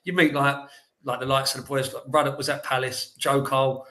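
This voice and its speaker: A man on a podcast as a guest, telling animated, rambling anecdotes in casual chat with lots of "like". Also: medium pitch, brisk, roomy sound. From England.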